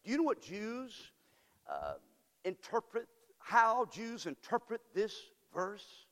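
Older preacher, high voice, hall reverb. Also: male voice, wildly swooping pitch, slow pace, a bit bright. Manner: preaching with rising, emphatic delivery and folksy asides. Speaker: pastor. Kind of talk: sermon. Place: church sanctuary.

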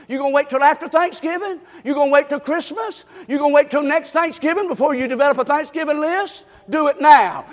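Preacher guy, really high voice, fast n shouty then quiet, big echoey hall. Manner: preaches fast, swings from loud shouts to soft asides. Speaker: pastor. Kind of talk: energetic sermon.

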